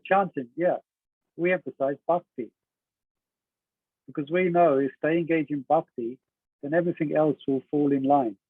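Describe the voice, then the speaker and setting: Husky man teaching, thin phone-like sound. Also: on the high side, dry recording. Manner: conversational, asks the class questions, laughs often. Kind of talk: class on a devotional text. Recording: dry, narrow phone-like sound.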